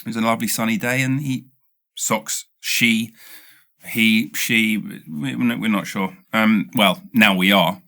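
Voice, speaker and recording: A man's voice: on the low side, slow, vocal fry. A man with a British accent, hosting a podcast and telling a rambling comic story with lots of stutters and restarts. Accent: British English. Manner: rambling, animated, self-interrupting with stutters. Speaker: podcast host. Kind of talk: casual comedic storytelling.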